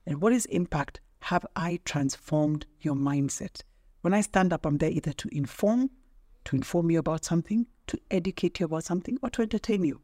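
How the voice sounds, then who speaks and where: A woman's voice: fairly low pitch, fairly quick, dark tone. A middle-aged woman talks in a casual podcast interview. She speaks like a trainer, emphatic and teacherly, and makes her points with rhetorical questions. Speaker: guest, public speaking trainer.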